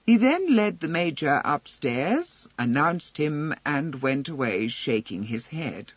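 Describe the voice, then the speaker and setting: A man narrating a historical romance audiobook in an expressive, measured way. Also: on the high side, no room sound. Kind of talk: scripted narration. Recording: slightly dull lo-fi.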